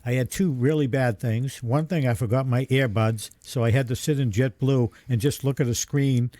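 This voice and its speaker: A man's voice: medium pitch, fairly even intonation, normal speed, warm tone, no echo. A man co-hosting a podcast in casual chat, plain-spoken, with dry jokes. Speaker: podcast co-host.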